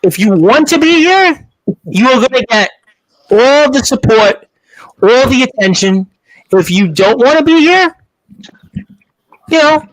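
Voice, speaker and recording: Man, very high voice, strained, conciliatory host, heated panel chat. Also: lively intonation, measured pace, pauses often, low-quality recording.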